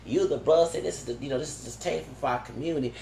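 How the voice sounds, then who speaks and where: A man's voice: on the high side, fast, gravelly, dark tone, roomy sound, a little hiss or hum. A man talking in a long, rambling monologue, full of restarts and tag questions like "okay?". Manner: digressive, many restarts and "okay?" tags. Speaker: vlogger.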